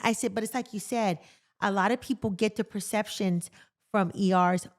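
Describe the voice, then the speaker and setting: A middle-aged woman, a nurse co-hosting a casual podcast and telling animated stories. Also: medium pitch, fairly quick. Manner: animated storytelling, acts out quotes loudly. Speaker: podcast co-host, jail nurse. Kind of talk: casual chat.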